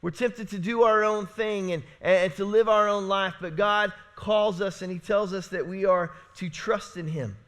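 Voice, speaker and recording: A middle-aged man preaching a sermon in a church, with a notably high-pitched voice. His tone is bright and forceful, and he tells his points like a casual story. He keeps checking in with the room with "right?" and moves between booming emphasis and quiet, low asides. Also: steady tone, normal speed, few pauses. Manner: conversational storytelling, frequent "right?" and repetitions; swings between loud emphatic and hushed low passages. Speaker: pastor. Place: church sanctuary.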